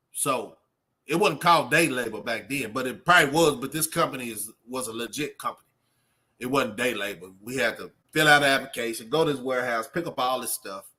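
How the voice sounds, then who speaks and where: Bright-voiced streetwise man preaching. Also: mid-range voice. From Texas. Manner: streetwise preaching, rambling with fillers and repeated 'man'. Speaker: channel host. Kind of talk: off-the-cuff motivational talk.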